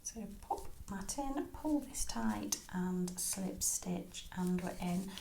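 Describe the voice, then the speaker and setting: A woman teaching crochet step by step, chatty and soft, often murmuring her stitch counts. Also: mid-range voice, slow, gravelly, slight background noise. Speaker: crochet tutor. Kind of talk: step-by-step craft tutorial. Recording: echoey room.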